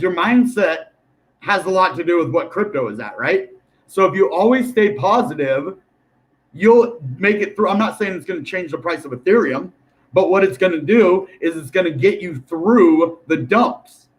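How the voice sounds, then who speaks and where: A young man talks through price charts in a loose, rambling way. He sounds animated and chatty, with a voice pitched a little higher than most men. He speaks straight to his viewers like a regular host. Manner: animated, rambling, addresses viewers as guys and dude. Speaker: crypto YouTuber. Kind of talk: casual chart commentary to camera.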